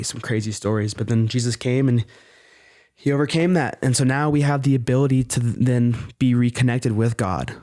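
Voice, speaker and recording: A man's voice: mid-range voice, darkish tone, no echo, clean studio sound. A man speaking as a podcast guest in earnest, fervent casual talk, often saying "bro".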